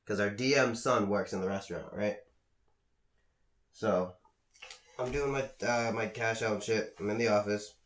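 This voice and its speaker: A man's voice: lowish voice, moderate pace, pauses often. A young man co-hosting a podcast, telling work stories in casual chat and acting out the quotes with a lot of swearing. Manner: animated storyteller, acts out quotes, profane. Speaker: podcast co-host. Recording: echoey room.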